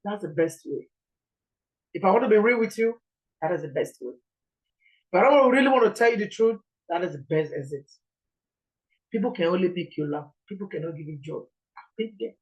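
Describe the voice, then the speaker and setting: A woman's voice: fairly low pitch, lively intonation, a little fast, long pauses, darkish tone, muffled recording. A Nigerian woman preaching an informal sermon in an earnest, pleading way, repeating her points.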